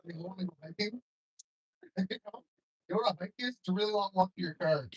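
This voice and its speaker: Young male stand-up comic, slightly high voice, dry delivery with chuckles. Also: brisk, husky, low-quality recording. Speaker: stand-up comedian. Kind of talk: stand-up comedy set. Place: comedy club stage with audience.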